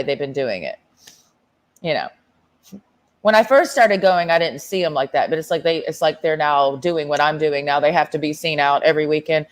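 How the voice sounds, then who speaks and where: A young woman with a slightly low voice rants casually to camera. She tells her story bluntly and sassily, with plenty of swearing. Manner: blunt, profane, sassy storytelling. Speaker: vlogger. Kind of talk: casual rant.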